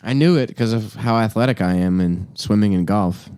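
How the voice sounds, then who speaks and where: A man co-hosting a casual comedy podcast, teasing his friend with deadpan, mock-earnest praise. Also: lowish voice, normal speed, clear, resonant tone. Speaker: podcast co-host.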